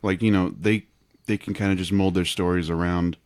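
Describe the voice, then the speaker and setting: Man, podcast co-host, casual chat, rambling, fillers, low-ish pitch. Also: steady tone, brisk, darkish tone. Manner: rambling retelling with many fillers.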